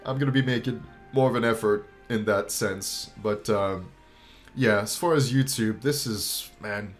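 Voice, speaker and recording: A young man giving a heartfelt farewell to his viewers, choked up and halting, pausing and restarting, with casual swearing. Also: on the low side, soft background music. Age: young adult. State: choked up, near tears. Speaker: YouTuber.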